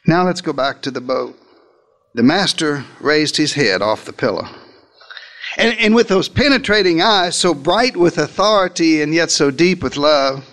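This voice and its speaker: High-voiced man preaching a sermon. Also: expressive, fairly bright tone. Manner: dramatic, quotes cries in a slowed voice.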